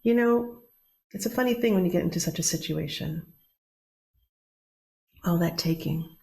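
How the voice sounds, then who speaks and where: A woman telling a myth in a relaxed, conversational way, with restarts and playful asides. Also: on the low side, normal speed, gravelly. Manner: conversational, playful, with many restarts and animated quoted voices. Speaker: storyteller. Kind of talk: oral mythtelling.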